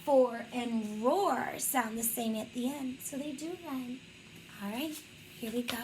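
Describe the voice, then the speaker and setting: Slow, high-voiced woman teacher. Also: background noise. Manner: slow, encouraging, praising often. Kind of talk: reading a picture book to young children.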